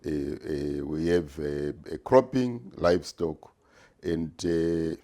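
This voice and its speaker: A man, speaking very low and slow. His tone is mellow and dark, and he answers interview questions deliberately, pausing often with "uh" as he gathers his thoughts. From Zimbabwe. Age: 60s. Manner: measured and deliberate, frequent "uh" pauses. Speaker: retired business executive, guest.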